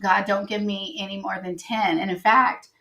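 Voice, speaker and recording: A middle-aged woman, a podcast guest, telling personal stories in a casual, animated way and acting out the dialogue. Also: mid-range voice, normal speed. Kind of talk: casual interview storytelling.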